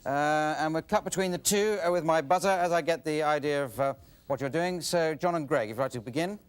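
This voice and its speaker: A man's voice: on the high side, fairly quick, clean tone. A man hosting an improv comedy show, hesitant and full of little restarts. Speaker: game show host. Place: TV studio with live audience.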